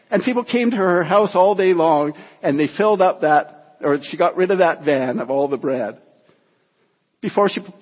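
Husky male preacher in a reverberant hall. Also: high voice, highs cut off. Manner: earnest, halting, with repeated restarts. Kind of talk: sermon storytelling.

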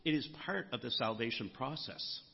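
A man's voice: medium pitch, lively intonation, normal speed, vocal fry, breathy edge. A man preaching a sermon, earnest, lifting his voice on the key words. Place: church sanctuary. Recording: muffled sound with long hall reverb.

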